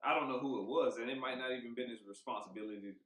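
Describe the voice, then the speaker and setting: A man co-hosting a podcast, talking in a heated, emphatic way, swearing freely and thinking out loud with restarts. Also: mid-range voice, very fast. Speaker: podcast co-host. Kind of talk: casual podcast chat. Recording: roomy echo.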